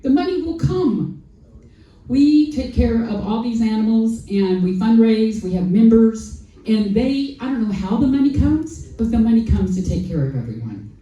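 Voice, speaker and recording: A woman telling an animated personal story on a festival panel, acting out quoted dialogue and repeating lines for emphasis, heard from a distant mic. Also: a little high, normal speed, lo-fi sound. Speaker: sanctuary founder on a festival panel. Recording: echoey hall, voice from far off.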